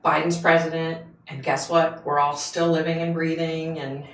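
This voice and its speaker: A woman's voice: low-pitched, level tone, moderate pace, reverberant, a little hiss or hum, rough recording. A woman hosting a casual livestream from the United States, chatting with viewers and greeting them by name, with lots of fillers. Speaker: livestream host.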